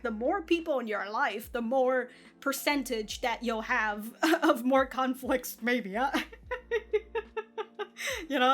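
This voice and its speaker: A woman's voice: high-pitched, fairly bright tone. A woman hosting an anime reaction video, rambling in casual commentary, laughing often and swearing freely. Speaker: anime reaction channel host.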